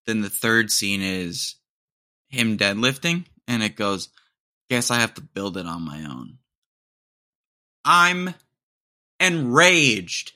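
A man's voice: lowish voice, sharp tone. A young man hosting a podcast, rambling through a casual comedic monologue with sarcasm and laughter at his own jokes. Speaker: podcast host.

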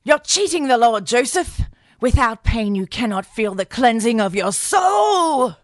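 Brief: a woman playing a harsh religious aunt, shrill and scolding, pitched up. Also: big pitch swings, measured pace, no room sound, studio quality.

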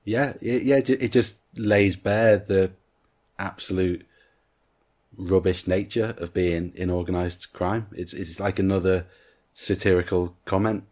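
A man's voice: sits low, fairly even intonation, unhurried, darkish tone. A man co-hosting a podcast in casual film chat, retelling scenes at length and quoting the characters' lines. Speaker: podcast co-host.

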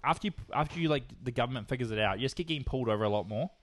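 A man co-hosting a podcast in casual chat, joking and quick to agree. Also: medium pitch, expressive, fairly bright tone, no echo. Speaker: podcast co-host.

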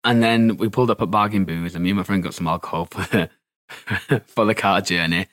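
Deep-voiced loud Yorkshire man. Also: brisk, dry recording, clean studio sound. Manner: loud, animated, camp, laughing. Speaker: interviewee. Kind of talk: candid storytelling.

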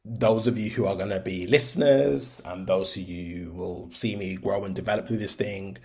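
A young man hosts a casual solo podcast in a low, steady, slightly mellow voice at normal speed. He's from Birmingham, England, with a Brummie accent edging toward London, and he speaks frankly and chattily with many ums and likes.

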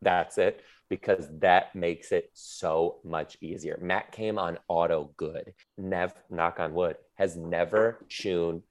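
A man chatting casually as a podcast guest, an animated storyteller who talks quickly and freely. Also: low voice. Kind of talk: casual chat. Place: home living in Seattle.

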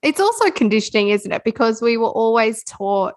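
Cheeky Australian woman, fairly high voice. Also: big pitch swings, a little fast. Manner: chatty storyteller, playful and cheeky. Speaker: podcast co-host. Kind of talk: casual chat.

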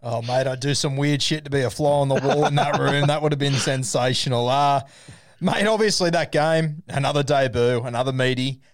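A man's voice: mid-range voice, normal speed, no room sound, studio quality. A man hosting a casual interview, matey and calling his guest mate. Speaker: podcast host.

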